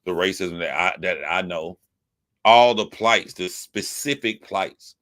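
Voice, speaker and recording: Young guy ranting, lotta swearing, punchy bright voice, kinda low, says stuff twice. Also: unhurried. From United States. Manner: profane, emphatic, repetitive. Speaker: commentator. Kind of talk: ranting commentary.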